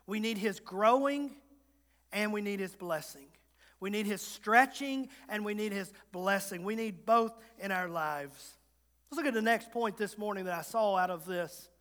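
Bright high-voiced Virginian preacher. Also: male voice. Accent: Southern American, Virginia. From Southwest Virginia. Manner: folksy, humorous asides, rises to emphatic repetition. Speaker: guest preacher. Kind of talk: sermon. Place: church sanctuary. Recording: long reverb of a church hall.

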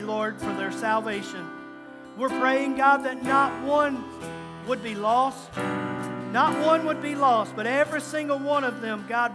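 High-voiced pastor praying over soft guitar. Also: male voice. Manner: soft sung-spoken phrases, rising to fervent prayer. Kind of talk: sermon closing and prayer. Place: church sanctuary. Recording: long church reverb with guitar music.

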